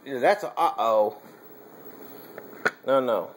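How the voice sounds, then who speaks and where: Slow-talking dad coaxing his toddler. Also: mid-range voice, lively intonation, slight background noise. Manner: slow, coaxing, laughing often. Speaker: father feeding his toddler. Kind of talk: casual home video chat.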